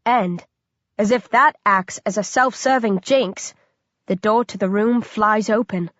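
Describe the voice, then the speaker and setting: A woman's voice: a little high, dry recording, dull audio. Woman narrating a horror audiobook intensely. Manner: dramatic and intense.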